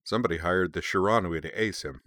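Audiobook: man reading a laconic, cigar-chomping tough guy, low and forceful. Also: quick pace, no room sound. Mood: dry. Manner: dry, laconic drawl. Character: dry, wry cigar-smoking middle-aged man.

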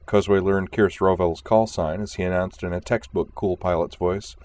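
A very deep-voiced man reads a space adventure audiobook. His delivery is steady and even. He narrates at an unhurried pace.

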